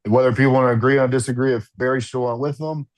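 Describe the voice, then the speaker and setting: A man's voice: medium pitch, fairly even intonation, rapid-fire, no echo. A man co-hosting a casual sports chat over a remote video call, rambling with lots of fillers, restarts and some swearing. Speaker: podcast co-host and football fan.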